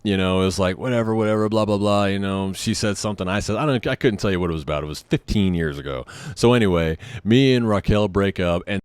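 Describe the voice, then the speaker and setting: A man's voice: deep voice, quick pace, few pauses, smooth, no room sound. A man in his thirties from San Diego telling a rambling personal story with many fillers and asides. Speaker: vlogger. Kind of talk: casual storytelling.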